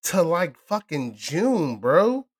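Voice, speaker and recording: A man hosting a casual chat with a friend, talking loud, profane and animated, often laughing. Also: a little high, takes it slowly. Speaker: podcast host.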